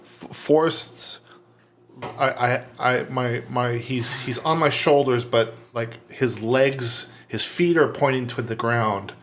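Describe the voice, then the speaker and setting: Halting middle-aged man trailing off. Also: mid-range voice, a little hiss or hum. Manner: halting, stumbling, trails off quietly. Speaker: podcast co-host. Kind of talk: casual chat.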